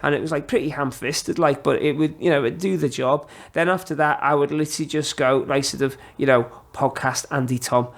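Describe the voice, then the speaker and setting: A middle-aged man chats as a podcast guest, his voice sitting a little high for a man. He spins long, rambling anecdotes, breaking them up with fillers and putting on the voices of the people in them. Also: fairly quick, few pauses. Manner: rambling, animated anecdotes with many fillers and laughs. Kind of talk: casual storytelling chat.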